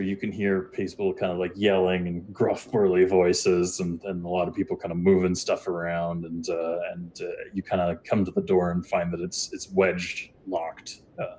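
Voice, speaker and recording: Man, deep voice, game master, rambling narration, many fillers, tabletop game. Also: a little mellow, a little hiss or hum.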